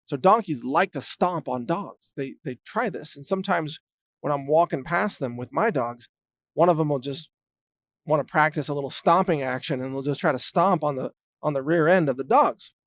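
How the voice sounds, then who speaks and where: A man's voice: a little high, normal speed. A middle-aged man casually telling rambling animal anecdotes as host, chuckling often and restarting his sentences. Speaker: show host.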